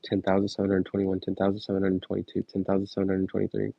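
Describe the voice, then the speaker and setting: A tired young man counting numbers aloud in a steady, flat monotone during a long record attempt, with brief casual asides. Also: low-pitched, very fast, creaky, no room sound, muffled recording. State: tired and sore. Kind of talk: long livestream-style counting marathon.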